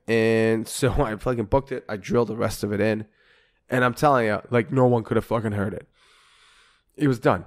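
Animated, swearing male podcast co-host. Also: lowish voice, moderate pace. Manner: swears constantly, animated, acts out both sides of quoted arguments. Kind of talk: casual storytelling chat.

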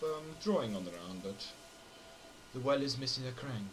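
A man's voice: medium pitch, expressive, moderate pace, slight background noise. A young man playing a horror game and commenting for viewers, joking, muttering and yelping when startled. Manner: jokey, jumpy, talks to viewers, swings between mutters and yelps. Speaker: gameplay commentator.

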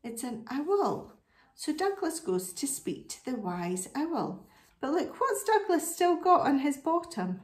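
A woman reading a picture book aloud to children, animated and asking her listeners questions. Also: high voice, unhurried, roomy sound. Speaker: storybook reader.

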